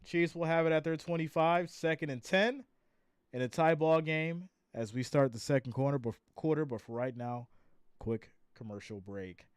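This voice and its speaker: A man's voice: a little high, normal speed, clean tone, dry recording, clean studio sound. A tired man hosting a live stream, calling the plays and reading viewer comments aloud in a chatty, laughing way. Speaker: live stream host doing play-by-play. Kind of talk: casual live play-by-play and chat reading.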